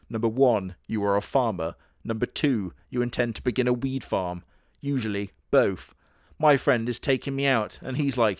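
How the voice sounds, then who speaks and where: Young male host, sardonic deadpan humor, dry close mic. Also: mid-range voice, no room sound. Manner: sardonic, crude, deadpan jokes with put-on quote voices. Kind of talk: comedic commentary narration.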